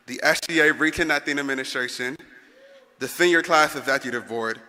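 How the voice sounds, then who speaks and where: A young adult man, the senior class president, delivers a rousing commencement speech in a large arena and calls on the crowd to answer back. His voice is medium-pitched, brisk and sharp, with the long echo of a big arena.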